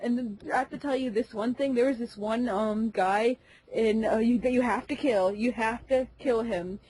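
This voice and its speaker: A woman co-hosting a casual gaming podcast, chatty and quick to laugh, filling her talk with "like.". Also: a little high, darkish tone, slightly rough, dry recording, low-quality recording. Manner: chatty, laughs often, many "like" fillers. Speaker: podcast co-host.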